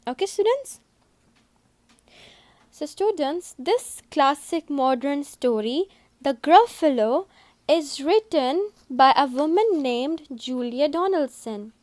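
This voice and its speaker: A woman teacher giving a recorded English lesson to young pupils, speaking slowly and repeating herself to explain each step. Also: high voice, expressive, darkish tone, no echo. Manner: slow, repetitive, explaining step by step.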